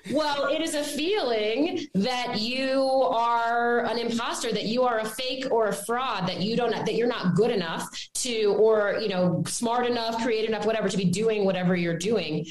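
A woman who teaches mindfulness and breathwork, an interview guest explaining a framework in an animated way, tagging her points with "right?". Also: fairly high pitch, moderate pace, few pauses, echoey room, crowd noise, low-quality recording. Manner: animated, frequent tag questions and fillers.

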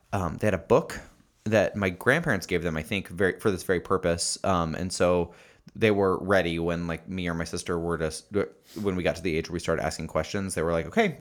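A young man casually telling a story on a podcast, with many fillers and laughs. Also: low voice. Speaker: podcast co-host. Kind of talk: casual chat.

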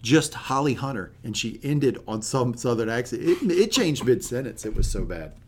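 A man's voice: medium pitch, expressive, normal speed, a little mellow, breathy edge. A man co-hosting a casual film review podcast, blunt and opinionated, with many fillers. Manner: blunt, opinionated, lots of fillers and laughing asides. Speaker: podcast co-host.

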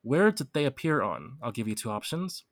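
A man running a quiz on a casual podcast. His voice is mid-pitched and recorded dry and close, with no room sound. He teases his friend and laughs often. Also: sing-song, normal speed, dry recording. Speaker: podcast co-host and quizmaster.

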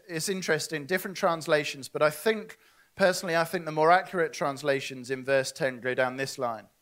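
A man's voice: on the high side, a bit bright. A man preaching a sermon, earnest and asking his listeners direct questions.

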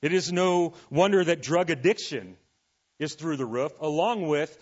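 A man preaching a sermon, reading scripture and making casual, animated asides to his listeners. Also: fairly high pitch, moderate pace, dull audio. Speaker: pastor.

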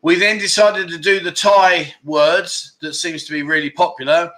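A man's voice: on the high side, level tone, moderate pace, pushed and bright. A middle-aged man hosting a casual livestream, reading out viewer comments in a chatty, self-mocking, exclamatory way. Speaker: livestream host.

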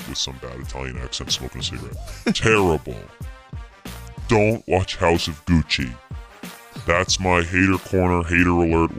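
Bright-voiced man ranting bluntly. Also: a bass voice. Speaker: podcast co-host. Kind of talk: casual podcast chat.

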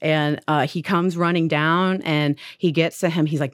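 A woman's voice: sits low, steady tone, normal speed, few pauses, no room sound, studio quality. A young woman casually retelling a story on a podcast, full of "like" and acted-out quotes.

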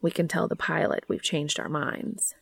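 A woman voicing a shy, formal young man on a first date, speaking low, quiet and close in a soothing way. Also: big pitch swings, moderate pace, creaky, husky, dry recording, exaggerated voice. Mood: gentle. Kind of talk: audiobook reading of fan fiction.

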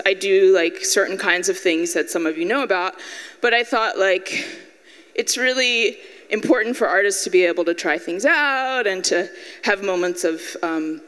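Young woman, artist at a live talk, lively storyteller. Hall reverb. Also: mid-range voice, smooth. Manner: animated, acts out voices in her story, laughs at herself. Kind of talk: storytelling presentation to an audience.

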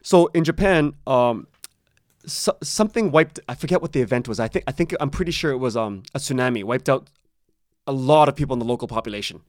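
A man's voice: mid-range voice, brisk, dry recording. Chatty man, dry close sound. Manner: rambling, many restarts, laughs often. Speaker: podcast creator, interview guest. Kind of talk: casual conversational interview.

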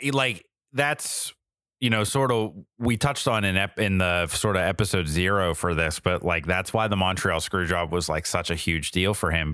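A man co-hosting a podcast in casual chat, explaining things in a relaxed, conversational way. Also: sits low, dry recording, clean studio sound. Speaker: podcast co-host.

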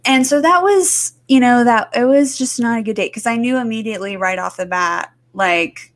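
A woman's voice: fairly high pitch, fairly even intonation, a little fast. A woman co-hosting a podcast, chatting casually with many fillers and restarts. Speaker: podcast co-host. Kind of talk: casual chat.

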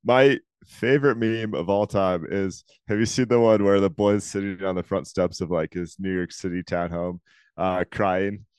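A man's voice: low voice, steady tone, normal speed, darkish tone, clear, resonant tone, no echo. A man co-hosting a podcast, bantering playfully and telling jokes in casual finance chat. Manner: playful, tells jokes with put-on quotes. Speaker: podcast co-host.

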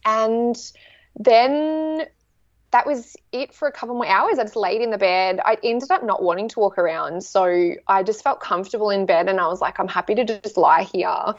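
A woman in her thirties chatting casually, telling a story with lively acted-out quotes. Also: medium pitch, moderate pace, no echo. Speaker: guest sharing a birth story. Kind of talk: casual chat. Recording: dry, slightly dull sound.

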